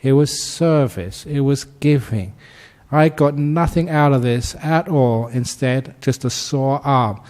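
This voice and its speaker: A man giving a Buddhist dharma talk, telling stories in a gentle, humorous way and laughing often. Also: mid-range voice, slow. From Australia. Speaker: Buddhist monk teacher.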